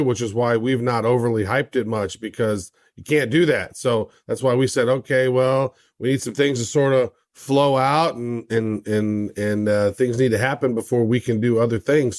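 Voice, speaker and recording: A man's voice: mid-range voice, a little mellow, no echo, clean studio sound. A man co-hosting a podcast in casual chat, full of playful banter and slang. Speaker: podcast co-host.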